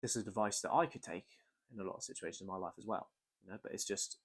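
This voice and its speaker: Guy doing a solo podcast, kinda low voice, musing out loud, laid back storytelling. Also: fast, slightly rough. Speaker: podcast host.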